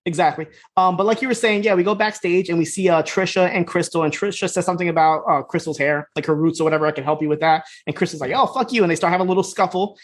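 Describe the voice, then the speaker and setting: A man co-hosting a podcast, casually retelling scenes in a loose, fast way, slipping into quick quoted voices and laughing. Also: fairly high pitch, fairly even intonation. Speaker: podcast co-host. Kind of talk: casual recap chat.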